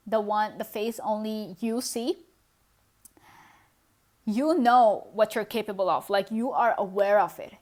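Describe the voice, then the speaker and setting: Chatty woman doing a tarot reading. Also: fairly high pitch. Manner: chatty, addresses the viewer directly, lots of "you know" and soft laughs. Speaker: tarot card reader. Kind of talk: casual pick-a-card tarot reading.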